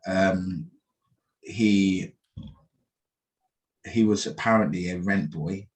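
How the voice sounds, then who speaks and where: A young man giving halting personal testimony in an interview, with many fillers and restarts. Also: deep voice. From England.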